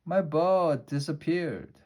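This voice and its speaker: A man's voice: on the high side, takes it slowly, darkish tone, voice pushed up. A man voicing an earnest male bug who lost his leaf boat, in a storybook reading, with an insistent manner.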